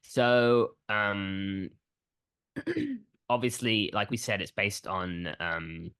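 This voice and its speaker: A man co-hosting a casual film podcast, talking in a relaxed, rambling way with many fillers. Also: fairly low pitch, extremely slow, clear, resonant tone, no echo, studio quality. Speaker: podcast co-host.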